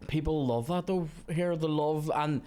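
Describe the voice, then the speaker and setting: A man's voice: fairly high pitch, dark tone, smooth. A Northern Irish man hosting a casual podcast chat while playing a video game, swearing freely and telling gig stories. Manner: sweary, storytelling, quick asides. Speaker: podcast host.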